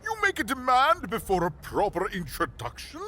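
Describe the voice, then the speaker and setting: A man's voice: high-pitched, huge pitch swings, normal speed, pushed and bright, full character voice. An actor playing a haughty male noble in a video game, pompous and indignant about manners. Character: haughty male noble demanding proper greetings.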